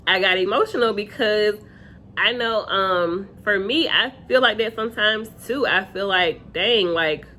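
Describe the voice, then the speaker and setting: A woman's voice: medium pitch, unhurried, sharp tone. A young woman casually recapping a reality dating show episode, chatty and full of fillers, often quoting cast members. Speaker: reality TV reviewer.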